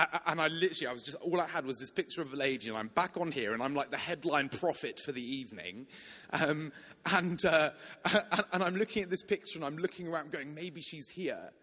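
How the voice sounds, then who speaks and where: Man, twenties, sermon storytelling, animated, restarts, reverberant hall. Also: a little high. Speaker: preacher.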